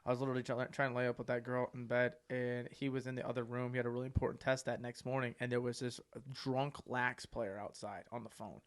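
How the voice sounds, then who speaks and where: A young man hosting a podcast, telling profane, animated stories in casual chat. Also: medium pitch, fast talker, hardly any pauses, smooth. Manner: profane, animated anecdotes with acted quotes. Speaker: podcast host.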